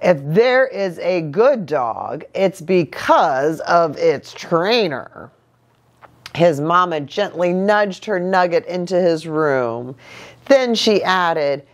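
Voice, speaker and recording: A woman pastor reading a picture book aloud to children, an animated and playful storyteller. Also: lowish voice, slow pace.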